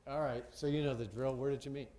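A middle-aged senior naval officer jokes jovially with sailors while handing out coins at an event in a large base venue with an audience. His medium-pitched voice is fast and fairly even, with a crowd behind him and a roomy echo from the big space.

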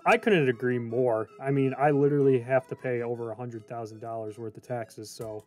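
A young man casually commenting on a video game as a channel host. He is chatty and jokey, and he swings from loud bursts to mumbling. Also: medium pitch, fairly even intonation, fairly quick, few pauses, faint music behind. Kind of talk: casual let's play commentary.

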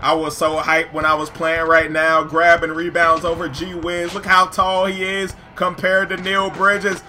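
A man commentating his own basketball video game with hype, jumping from loud shouts to low, joking asides. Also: little pitch movement, measured pace, hardly any pauses, a little hiss or hum. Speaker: gaming YouTuber commentating his own play. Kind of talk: excited gameplay commentary.

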